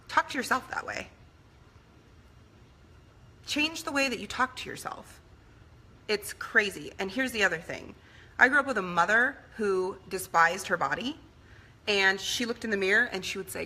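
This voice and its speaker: A woman's voice: mid-range voice, expressive, moderate pace, bright, forceful tone. A woman in her thirties giving a conversational motivational talk in an earnest, personal way. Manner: earnest, conversational, acts out quoted voices. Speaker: speaker.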